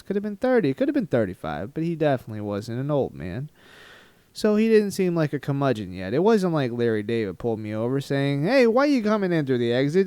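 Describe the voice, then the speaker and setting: A man from Texas rambles through a travel story with self-mocking humor. His voice is smooth and clear at a middle pitch, recorded close and dry with no room sound. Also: dark tone, dry recording. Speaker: vlogger. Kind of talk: casual storytelling to camera.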